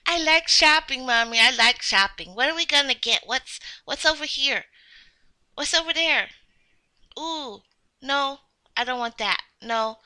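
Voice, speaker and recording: A woman with a very high, piercingly bright voice, doing a game role-play as a child. She whines and gets excited the way a little kid does, and her delivery is slow and drawn out. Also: clear, resonant tone. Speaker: game video creator.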